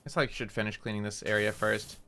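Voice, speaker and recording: There's a little hiss or hum behind this fairly quick, sharp-toned man, whose voice sits on the low side with fairly even intonation. He chats and rambles during a game stream in a mild rural Canadian accent, dropping "like" and casual swears.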